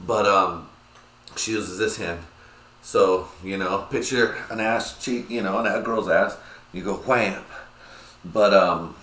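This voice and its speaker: Podcast host: crude, rambling man, low voice, bright tone, echoey room. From United States. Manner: crude, rambling, excitable, lots of filler. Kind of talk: casual solo podcast rant.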